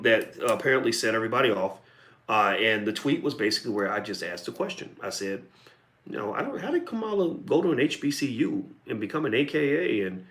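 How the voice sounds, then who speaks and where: A man's voice: on the low side, fairly bright tone. A middle-aged man from Kentucky giving a blunt, combative video commentary monologue, full of profanity and emphatic asides. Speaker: online commentator.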